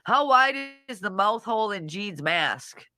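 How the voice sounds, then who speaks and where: A woman's voice: mid-range voice, big pitch swings, a little slow, bright, forceful tone, no room sound. A woman hosting a casual livestream, reading comments and mocking people in a brash, profane way. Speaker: livestream host.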